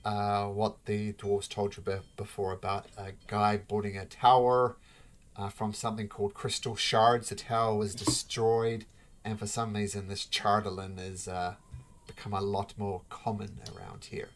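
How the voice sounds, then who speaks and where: A game master narrating a tabletop game in a relaxed, halting way with many fillers. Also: sits low.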